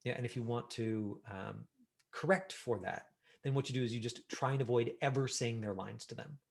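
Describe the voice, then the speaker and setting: A middle-aged man teaching an online acting class over a video call, talking casually with lots of fillers and lively examples. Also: medium pitch, moderate pace, gravelly, husky. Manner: casual, animated, many fillers.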